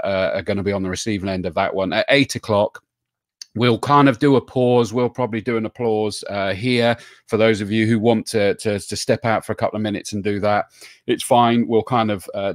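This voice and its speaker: A man's voice: lowish voice, no echo, studio quality. A man hosting a casual live stream, joking with his co-host and reading out viewers' names and greetings.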